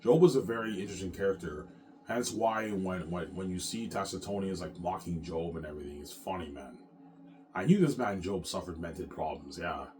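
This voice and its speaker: Low-voiced man rambling about his book. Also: fairly quick, a little mellow, slight background noise. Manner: stumbling repeated restarts, casual swearing, boastful. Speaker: author promoting his own novel. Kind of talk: casual rambling monologue.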